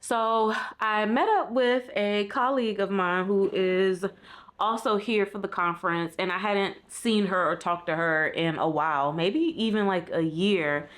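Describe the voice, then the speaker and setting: A woman records a reflective vlog while sitting in bed in a hotel room, speaking into a small camera. Her voice sits at a middle pitch. She talks in an honest, heartfelt way and leans on frequent "like" fillers. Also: measured pace, a bit bright. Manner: candid, heartfelt, many "like" fillers. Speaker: vlogger. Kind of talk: casual reflective vlog talk. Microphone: compact vlog camera.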